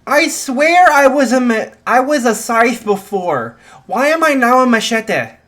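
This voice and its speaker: A man doing an eager excitable teenage boy. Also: a little high, moderate pace. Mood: baffled. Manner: eager and raised.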